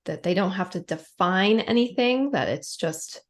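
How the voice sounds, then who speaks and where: A woman who is a breathwork facilitator, talking softly and earnestly on a podcast. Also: mid-range voice, lively intonation, a little slow. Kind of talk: podcast conversation.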